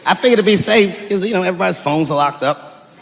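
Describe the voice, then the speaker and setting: A man doing stand-up comedy, telling stories in an animated way and slipping into character voices. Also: high-pitched, fast, vocal fry, noisy background. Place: live stage before an audience. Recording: live hall recording with crowd ambience.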